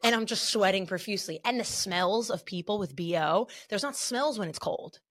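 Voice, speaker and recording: A woman's voice: mid-range voice, normal speed, a bit bright. A woman hosting a podcast, chatting in a gushing, rambling way. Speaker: podcast host. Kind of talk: casual podcast chat.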